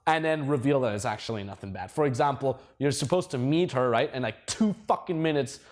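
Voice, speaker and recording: A man's voice: medium pitch, fairly quick. A man giving casual dating advice, swearing a lot and laughing at his own stories. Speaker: dating coach.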